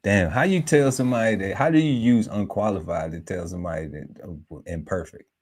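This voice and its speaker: A man hosting a casual podcast panel. He slowly reads through lists of words, musing aloud and breaking into laughter now and then. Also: deep voice, a little mellow. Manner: slow, musing list-reading broken by laughter and asides.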